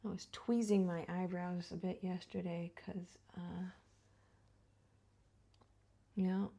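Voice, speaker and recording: A woman's voice: fairly low pitch, level tone, slow pace, gravelly, mellow, husky. A middle-aged woman chatting through a get-ready-with-me beauty vlog, rambling and laughing, sometimes dropping to a whisper. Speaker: beauty vlogger. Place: home.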